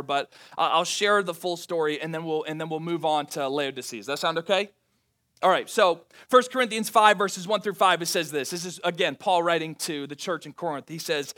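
Guy preaching a sermon, pretty high voice, emphatic, keeps restarting and asking the congregation stuff. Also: pushed and bright. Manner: emphatic, with frequent restarts and rhetorical questions to the congregation. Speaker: pastor.

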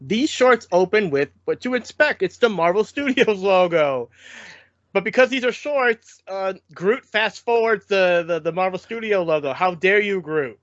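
A man's voice: high-pitched, moderate pace, no room sound, dull audio. A man co-hosting a podcast, chatting casually and laughing often as he recaps a series of shorts. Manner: animated, laughs often, restarts a lot. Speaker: podcast co-host.

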